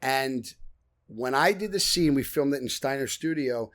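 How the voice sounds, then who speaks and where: A man's voice: medium pitch, animated, normal speed, fairly bright tone. A man with a Brooklyn accent, a guest actor telling blunt, profane stories and acting out the scenes. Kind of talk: animated storytelling.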